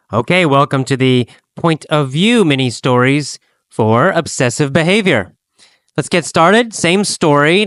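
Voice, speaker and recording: A man teaching an English lesson, speaking slowly and deliberately and repeating phrases for learners to copy. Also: medium pitch, fairly bright tone, clear, resonant tone, no room sound. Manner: slow, deliberate, repetitive drilling.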